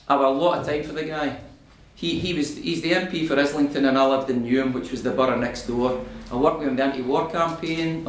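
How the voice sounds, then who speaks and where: A middle-aged Scottish man speaking to an audience in a community hall, animated and argumentative as he answers their questions. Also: mid-range voice. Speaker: invited political speaker. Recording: echoey room.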